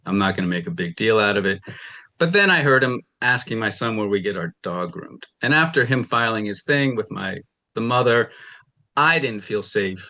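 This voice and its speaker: In a television courtroom, a male litigant testifies in a lowish, bright voice with vocal fry and a forceful tone. He rambles through his account, retelling arguments with quoted dialogue.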